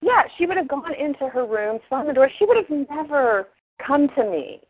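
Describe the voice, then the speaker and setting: A woman's voice: high-pitched, moderate pace, no echo, muffled recording. A middle-aged woman giving parenting advice in casual talk, acting out the lines of parents and kids as she tells stories. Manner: animated storyteller acting out quotes. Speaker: parenting expert guest.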